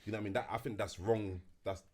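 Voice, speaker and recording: A man's voice: lowish voice, fairly even intonation, fast, a crowd in the background. A young man, co-hosting a casual group podcast chat, laid-back and full of slang as he tells stories. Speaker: podcast co-host.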